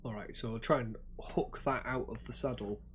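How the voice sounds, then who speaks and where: Calm male player, faint background hiss. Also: medium pitch, moderate pace. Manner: calm, describes his character's actions. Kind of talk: tabletop game play.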